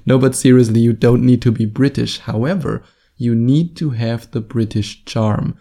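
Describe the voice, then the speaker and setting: Brief: German-accented male podcast host, dark gravelly voice, jokey and emphatic. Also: mid-range voice, moderate pace. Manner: jokey, self-deprecating, emphatic. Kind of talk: casual solo podcast monologue.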